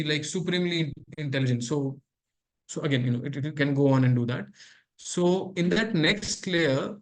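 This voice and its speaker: A man presenting a workshop and explaining a live demo to his audience with frequent asides. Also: medium pitch.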